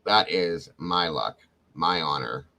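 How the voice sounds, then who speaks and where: Bright-voiced male livestream host. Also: rumbling low, takes it slowly, low-quality recording. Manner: warm, effusive, calls out viewer names. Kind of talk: casual livestream chat, greeting viewers.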